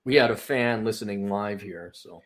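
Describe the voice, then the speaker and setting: A man's voice: on the low side, moderate pace, a bit bright. A man hosting a casual late-night talk show over a video call, ranting in a crude, sarcastic way. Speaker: show host.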